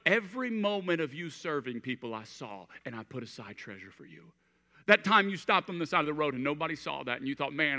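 Male pastor, thirties, high and sharply bright, church hall reverb, storytelling sermon with hushed-to-emphatic swings. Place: church auditorium. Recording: long reverb of a large hall.

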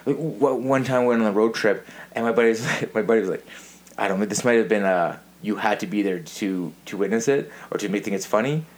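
Fairly low-pitched and fairly quick, this man in his thirties hosts a podcast, telling animated stories. The chat is casual and punctuated by frequent laughter.

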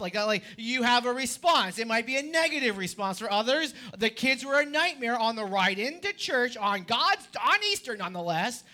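A male pastor preaching to a church congregation with a high, very bright voice. His delivery is animated, rising to near-shouts and then dropping to hushed, quiet stretches. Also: a little fast, hardly any pauses. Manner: animated, swings between loud and hushed. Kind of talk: sermon.

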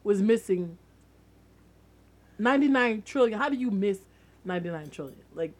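A woman's voice: mid-range voice, animated, moderate pace, darkish tone. Insistent woman guest arguing her point. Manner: insistent, argumentative. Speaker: podcast guest. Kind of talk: casual podcast chat.

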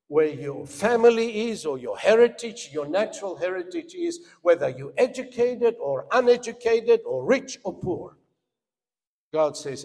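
A man preaching a sermon, swinging from loud, emphatic cries down to quiet asides. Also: fairly high pitch. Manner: preaching with dramatic rises into shouts and drops to a hush. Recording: long hall reverb.

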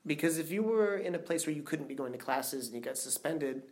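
A man's voice: a little high, animated, fairly quick. A man hosting an interview, asking curious, empathetic questions and laughing easily. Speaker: interview host. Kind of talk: conversational interview.

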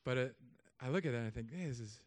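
A man in his thirties, a pastor, preaching a sermon with humor and animated storytelling asides. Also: medium pitch, racing, dry recording.

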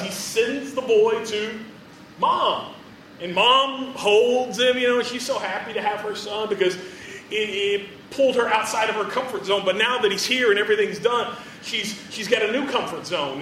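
A man's voice: sits high, pushed and bright, echoey room, far from the mic, a little hiss or hum, poor audio. A man preaching a sermon in a chatty, joking storytelling way, full of fillers.

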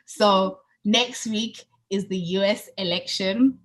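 Chatty woman podcast host, animated. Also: medium pitch, takes it slowly. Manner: chatty, gets animated and excited on politics; many fillers and restarts. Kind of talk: casual chat.

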